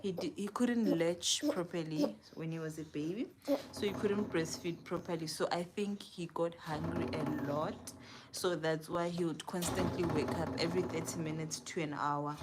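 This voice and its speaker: A young mother of twins talking candidly and softly at home, with light laughs here and there. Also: low-pitched. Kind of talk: casual home vlog talk. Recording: home recording with audible background noise.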